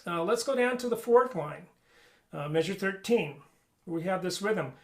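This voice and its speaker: A man's voice: sits high, expressive, normal speed. A man teaching an online flute lesson, explaining articulation and singing rhythms on syllables.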